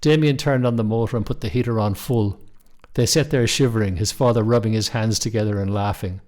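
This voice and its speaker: Middle-aged male storyteller; steady, measured reading, low register. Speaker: narrator.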